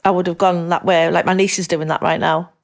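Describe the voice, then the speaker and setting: A middle-aged woman with a Northern English accent talks as a podcast guest in a casual interview. Her voice sits on the low side, and her talk rambles with restarts and frank asides, broken up by easy laughter. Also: level tone, brisk. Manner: rambling, candid, laughs easily.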